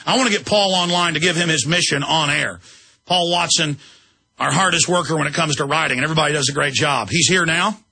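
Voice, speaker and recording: A man's voice: fairly high pitch, fast talker, creaky, bright, forceful tone, husky, dry recording. A man hosting a talk radio show, speaking emphatically and in an agitated, rambling way. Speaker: radio host.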